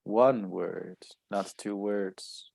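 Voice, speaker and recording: A man with a lowish voice talks as a guest in a relaxed podcast chat. He pauses and hesitates, working his way toward the exact word he wants. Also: gravelly. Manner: thoughtful, hesitant, searching for words. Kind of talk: casual podcast conversation.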